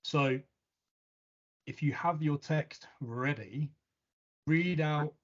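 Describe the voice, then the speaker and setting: A man's voice: fairly high pitch, drawn-out words, dull audio. Joking, profane male podcast host. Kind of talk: casual podcast interview.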